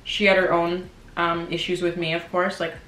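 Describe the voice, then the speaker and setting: A candid young woman talks straight to her viewers between bites, her voice sitting a little low. The room rings with echo, and faint cutlery and dish sounds drift underneath. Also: little pitch movement, moderate pace, a bit bright, a little hiss or hum. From Canada. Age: 20s. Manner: chatty and candid, eating while talking. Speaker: vlogger. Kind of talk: casual chat. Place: home room, dining at table. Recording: echoey room with faint kitchen clatter.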